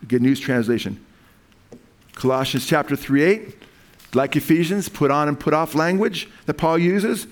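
A man's voice: a little high, animated, moderate pace. Earnest man preaching a sermon. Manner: earnest, conversational preaching, rises when quoting scripture.

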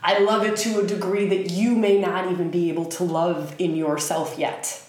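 A woman's voice: lowish voice, little pitch movement, normal speed, darkish tone. A woman giving a casual spiritual talk in an earnest, frank way, swearing casually as she goes. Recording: very echoey room.

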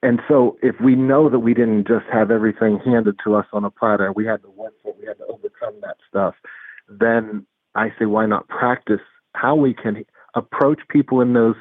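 A man's voice: lowish voice, slightly rough, no room sound. A man talking earnestly in an interview and acting out dialogue as he tells a story. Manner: earnest, animated, acts out dialogue in retelling. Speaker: guest, anger management specialist. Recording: tinny phone line.

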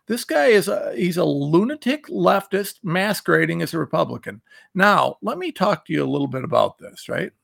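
A man's voice: high voice, expressive, normal speed, vocal fry, a bit bright. A man hosting a political commentary show, ranting angrily and reading out quotes between insults. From Ohio. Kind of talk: fired-up political commentary monologue.

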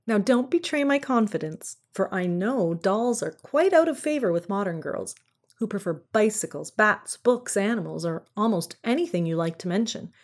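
A woman voicing a kindly old Santa Claus, gentle and earnest, speaking in a confiding, fond way in a storybook reading. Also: mid-range voice, lively intonation, normal speed, natural voice. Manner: warm, confiding, fond of toys.

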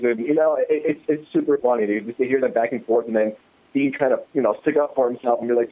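A man's voice: medium pitch, fast. Laid-back man on a tinny phone line. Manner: amused, laid-back, lots of fillers. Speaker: guest. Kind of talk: casual chat.

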